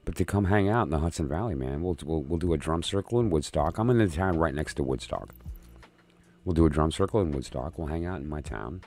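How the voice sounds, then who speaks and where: Very deep-voiced man, lively chatty stream host. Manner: rambling, joking, talks to chat viewers. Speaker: live-stream host doing oracle and tarot readings. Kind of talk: casual live-stream chat.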